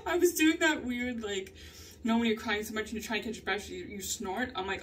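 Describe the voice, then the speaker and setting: A woman's voice: on the high side, brisk, recorded from a distance, a little hiss or hum. A young woman talking candidly in a personal journal vlog, rambling and laughing often as she tells her story. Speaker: vlogger.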